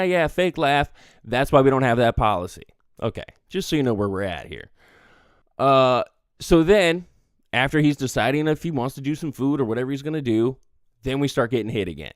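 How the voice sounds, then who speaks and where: A man's voice: medium pitch, a little fast, smooth, dry recording, studio quality. A man telling a casual story about his job as a bartender, acting out the customers' lines with energy. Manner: animated, acts out customers' lines.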